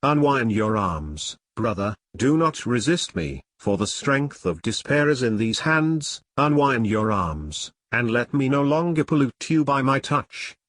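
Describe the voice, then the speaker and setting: A man reading aloud, voicing a young woman pleading in despair in a low, quivering tone. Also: very animated, unhurried, few pauses, fairly bright tone, dry recording. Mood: despairing plea.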